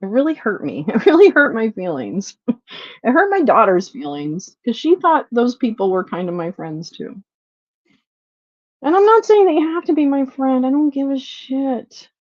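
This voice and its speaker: A woman's voice: high voice, very animated, normal speed, dry recording. Profane, frustrated woman venting on a livestream. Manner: frustrated, profane, apologetic, swings between loud venting and quiet muttering. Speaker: livestream host. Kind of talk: unscripted livestream rant. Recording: dull, lo-fi, dry livestream audio.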